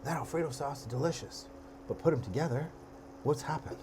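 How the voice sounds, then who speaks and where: A man's voice: on the high side, brisk. Playful, jokey man cooking on camera. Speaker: host and cook. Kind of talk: casual cooking show talk. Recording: audible background noise.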